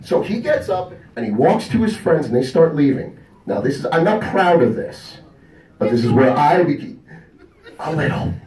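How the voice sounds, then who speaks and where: This stand-up comedian, voice on the high side and pace moderate, spins crude stories onstage at a convention. He's animated, playing out the people in each tale, and the mic sits far off in an echoey room.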